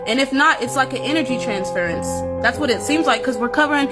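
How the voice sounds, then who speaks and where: A woman's voice: high-pitched, quick pace, over loud music. Emphatic woman talking straight to viewers. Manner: emphatic, addresses viewers directly. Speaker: co-host. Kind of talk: casual chat.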